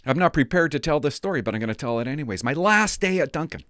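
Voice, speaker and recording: An older retired policeman rambles through memories of his old postings, his voice lively and swooping as he tells them. He drifts from booming asides to near-whispers and back again. The sound is dry and close, with no room echo. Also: fast talker. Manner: rambling, candid, drifts between loud and hushed. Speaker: retired police officer telling stories. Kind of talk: casual storytelling to viewers.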